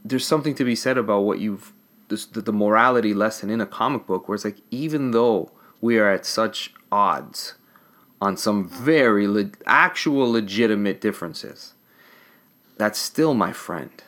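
A man as a podcast guest, talking about comics in a thoughtful, halting way. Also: on the low side, a bit bright. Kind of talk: casual comic book discussion.

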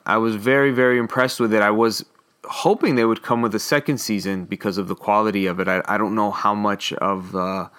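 A man with a smooth, resonant voice chats casually on a podcast over a remote call. He rambles, restarts his sentences and drifts between thoughts. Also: on the low side. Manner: rambling, many restarts, relaxed. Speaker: podcast co-host. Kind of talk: casual chat.

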